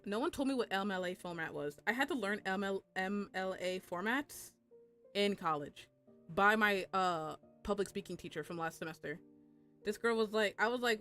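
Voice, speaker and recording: A woman's voice: medium pitch, a bit bright. A young adult woman chatting casually on a live stream, rambling and swearing with lots of filler words.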